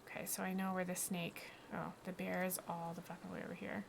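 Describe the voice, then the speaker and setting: Gravelly woman streaming a cozy game. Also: lowish voice, completely flat delivery, fast, noisy background. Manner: chatty, talks to herself, mild swearing. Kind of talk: casual gameplay commentary. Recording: loud game music behind.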